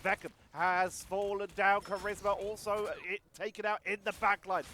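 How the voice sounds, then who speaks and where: A man casting a competitive video game match live, giving rapid play-by-play and chatting about viewer comments. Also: high voice, slight background noise. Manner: rapid excited play-by-play, talks to chat. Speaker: esports caster.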